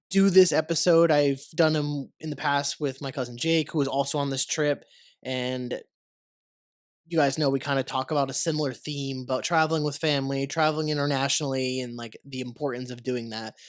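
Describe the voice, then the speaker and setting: Nursing a cold, an American man hosts his podcast in a congested, medium-pitched voice. He rambles easily, relaxed and casually profane. The studio sound is clean with no echo.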